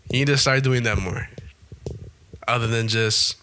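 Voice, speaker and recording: A man's voice: mid-range voice, steady tone, a little fast, background noise. A young man hosting a podcast in a casual monologue, emphatic and repetitive, swearing freely. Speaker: podcast host.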